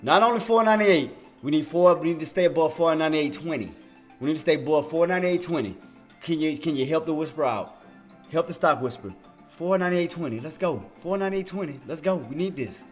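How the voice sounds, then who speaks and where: A soft, hushed mystic chanting low in a whispered role-play, pleading in slow repeated phrases, as a man puts him on. The voice drops well below the speaker's usual high tone, with faint music behind. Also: animated, close to an everyday voice. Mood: coaxing.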